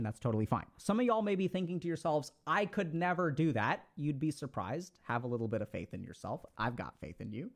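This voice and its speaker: Animated fast-talking man giving advice. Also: on the high side. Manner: animated, coaching, slangy. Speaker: self-help speaker. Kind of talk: casual motivational talk.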